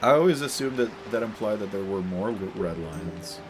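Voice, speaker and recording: A young man co-hosting a casual let's play, playful and casually swearing, very expressive. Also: on the low side, moderate pace, background noise. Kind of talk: casual gaming commentary. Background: game music.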